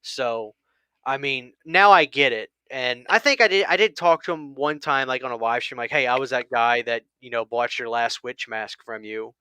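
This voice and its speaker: A man's voice: medium pitch, moderate pace, bright, forceful tone, clear, resonant tone, no echo. A man hosting a casual chat, telling a long story with many restarts and quoted lines. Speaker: channel host.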